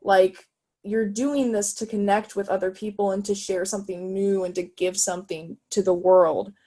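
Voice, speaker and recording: An 18-year-old woman from Illinois, a guest talking casually over a video call, eager and halting, full of fillers and restarts. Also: medium pitch, fairly even intonation, warm tone. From Illinois, USA. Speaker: guest, jazz trumpet player. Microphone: video call microphone.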